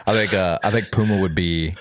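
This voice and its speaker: A young man co-hosting a podcast in casual chat, animated and jokey, with frequent swearing. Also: low-pitched, fairly quick, slight background noise. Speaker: podcast co-host.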